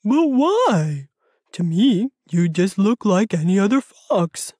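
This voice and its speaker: A woman voicing a kind, gentle male bear who talks in a calm, reassuring way, in a children's audiobook. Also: medium pitch, husky, dry recording, clean studio sound, full character voice. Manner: warm, calming, slow and reassuring.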